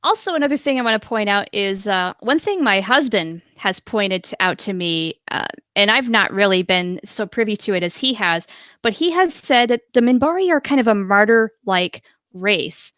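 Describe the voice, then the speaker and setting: A woman's voice: medium pitch, expressive, moderate pace, a bit bright, no echo, clean studio sound. A woman co-hosting a casual review discussion, asking questions and adding short agreeing replies. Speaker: podcast co-host.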